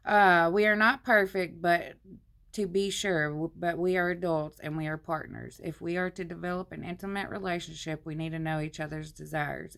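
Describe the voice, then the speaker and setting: Low, gravelly-voiced woman reading aloud. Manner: plainspoken, homey, slows down on the read passages. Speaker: vlogger. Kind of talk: reading a marriage book aloud with casual commentary. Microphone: phone.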